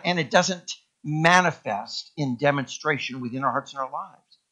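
A male pastor preaching a sermon in a church, emphatic and repeating key words with sweeping rises in pitch. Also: pushed and bright, lo-fi sound. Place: church sanctuary.

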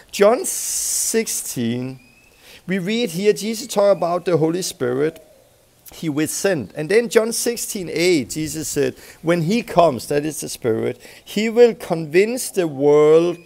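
A man's voice: sits high, gravelly, a little mellow. A middle-aged man with a Scandinavian accent preaching emphatically, acting out small scenes as he teaches. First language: Danish. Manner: emphatic, acts out little scenes with voices. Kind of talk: sermon teaching.

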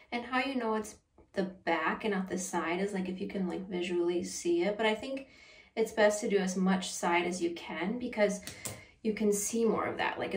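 Woman, casual home vlog, self-deprecating chatter, unhurried delivery, mic set back from her. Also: medium pitch. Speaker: beauty vlogger. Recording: roomy echo, mic at a distance.

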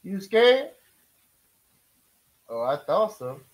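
A man doing loud comic commentary, mocking and taunting. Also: high-pitched, big pitch swings, extremely slow, rough recording. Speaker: comedy commentator. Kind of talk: loud comic trash talk.

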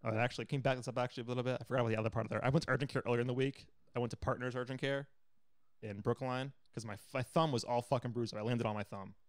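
Racing through a story on a podcast he co-hosts, a young man swears a lot and acts out other people's words in lively, profane fashion during casual chat. His mid-range voice comes through in a dry, studio-quality recording.

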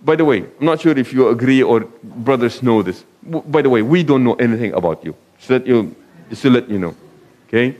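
Speaking briskly with lively intonation, an imam delivers a talk in a conversational style, posing questions to the live audience, telling anecdotes, and using Arabic phrases here and there. His voice is medium-pitched and a little mellow.

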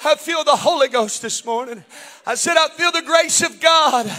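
A man preaching a Pentecostal sermon and altar call, shouting in a sing-song cadence and stretching out words in a church. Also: very high-pitched, moderate pace. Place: church sanctuary.

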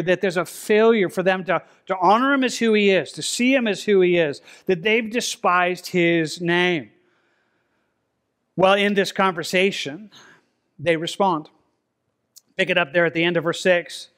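A man preaching a verse-by-verse sermon in a conversational way, often repeating words and slowing down to read scripture. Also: high-pitched, a bit bright. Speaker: pastor. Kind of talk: expository sermon. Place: church sanctuary.

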